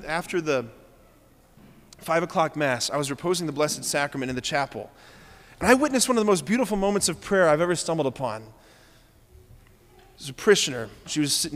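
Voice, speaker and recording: A Catholic priest preaches with earnest emphasis, circling back on key phrases to drive them home. His voice sits high for a man. It rings through a large church with a long reverb. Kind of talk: sermon.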